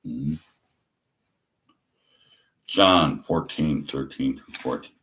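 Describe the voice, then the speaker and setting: A man's voice: very deep voice, drawn-out words, fairly bright tone, a little hiss or hum. A man ranting scornfully in a monologue, mocking and repeating himself. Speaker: atheist vlogger.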